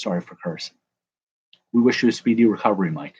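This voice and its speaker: This vlogger opens baseball cards for the camera, joking and rambling to his audience. His pitch is fairly low and a little mellow, and he talks fast but pauses often. Slight background noise sits under dull lo-fi sound and faint ambience.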